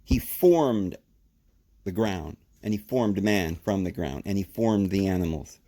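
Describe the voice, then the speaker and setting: Animated man teaching on a podcast. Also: unhurried. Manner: animated, emphatic explaining with sudden pitch jumps.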